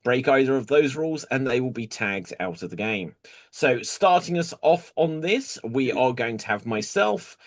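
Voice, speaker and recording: A man's voice: mid-range voice, animated, moderate pace. A man hosting an online improv comedy show over a video call, announcing the games with an upbeat manner. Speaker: host.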